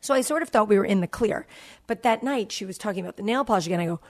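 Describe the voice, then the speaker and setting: A woman's voice: mid-range voice, expressive, racing, darkish tone. A woman in her forties hosting a podcast, telling a story about her kids in a casual chat and acting out their dialogue. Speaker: podcast host.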